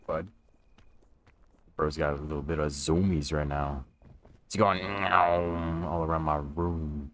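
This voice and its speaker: A man's voice: extremely low pitch, little pitch movement, slow, long pauses, a bit bright, slight background noise. A young man chatting casually with viewers on a gaming livestream from his room, laid-back and talkative, greeting people as he plays. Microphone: stream microphone.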